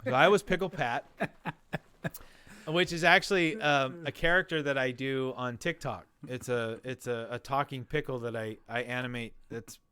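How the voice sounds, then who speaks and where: A man telling his own story in a casual interview, animated and acting out the voices of people he quotes. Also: medium pitch, measured pace, clear, resonant tone. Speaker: guest telling his weight-loss story.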